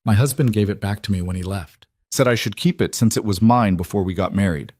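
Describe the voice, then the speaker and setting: A man's voice: on the low side, a little fast, darkish tone, dry recording, close to an everyday voice. Worn-out woman boss, strained and pleading, dry close sound , read by a man. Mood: weary. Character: weary exhausted woman executive.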